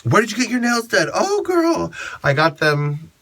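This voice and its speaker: A chatty, glamorous drag celebrity gushes over her own outfit, as a man puts her on. The voice is bright and sits a little high, and she calls everyone honey and girl. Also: huge pitch swings, unhurried, full character voice. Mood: gushing.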